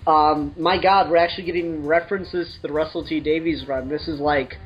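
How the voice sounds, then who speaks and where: A man's voice: on the high side, fairly even intonation, a little fast, faint music behind. A man hosting a casual podcast chat, rambling, joking and laughing often. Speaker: podcast host. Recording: slightly dull lo-fi podcast audio.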